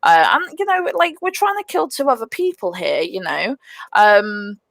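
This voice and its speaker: Brit gamer girl ranting on a podcast, swings all over in pitch, dead dry sound. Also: moderate pace, creaky, no echo. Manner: animated, swears freely, many fillers. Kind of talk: casual storytelling.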